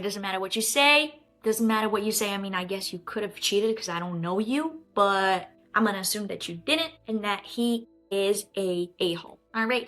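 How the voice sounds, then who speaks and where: A woman's voice: mid-range voice, fairly bright tone. A woman hosting a casual storytime video, reading a post aloud and breaking in with indignant, joking comments to her viewers. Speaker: storytime host.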